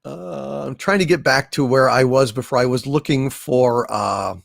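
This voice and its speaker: A man's voice: medium pitch, moderate pace, gravelly, dry recording, clean studio sound. A man hosting a casual live stream, reading viewer messages and thanking donors in a grand, effusive way. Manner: effusive, thanks donors with grand hails, hums little fanfares. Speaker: livestream host.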